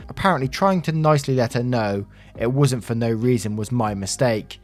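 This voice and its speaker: A man with a mid-range voice narrates online stories briskly with few pauses, soft music playing behind him. He's a Reddit story narrator, relaxed in tone, adding wry commentary and swearing freely.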